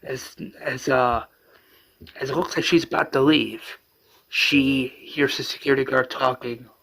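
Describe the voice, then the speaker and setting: A man's voice: mid-range voice, fairly even intonation, unhurried, gravelly, fairly bright tone, poor audio. A man casually retelling a fan-made superhero story, rambling and using many fillers.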